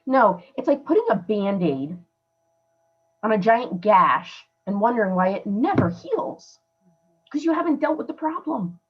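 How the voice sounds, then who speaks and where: A woman's voice: medium pitch, very animated, measured pace, husky, highs cut off, faint music behind. A woman hosting a podcast, giving earnest, emphatic advice in a conversational way. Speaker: podcast host. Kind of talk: casual coaching talk.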